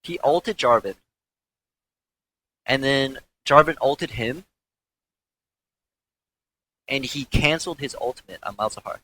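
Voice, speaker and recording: A young man, a former pro gamer, telling a candid, swearing story in casual talk with frequent halting restarts. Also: mid-range voice, lively intonation, sharp tone, slight background noise, poor audio.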